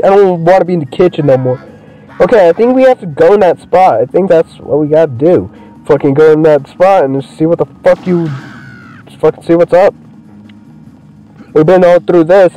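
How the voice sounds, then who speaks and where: Excitable, foul-mouthed young gamer guy. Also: on the high side, rough recording. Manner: profane, excitable, swears constantly. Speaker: gameplay streamer. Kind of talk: let's play commentary.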